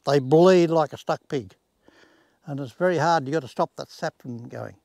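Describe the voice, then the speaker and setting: Folksy old man, high voice. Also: normal speed, creaky, darkish tone, no room sound. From Australia. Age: 80s. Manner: plain-spoken, folksy, uses rural sayings. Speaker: home gardener. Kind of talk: casual demonstration. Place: outdoors in a garden.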